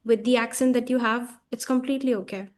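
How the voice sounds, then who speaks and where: A woman with an Indian English accent speaks as a guest on a chat show, with a voice pitched a bit high. She is frank and opinionated and picks up speed when she drives a point home. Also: fairly even intonation, fast. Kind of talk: casual conversation.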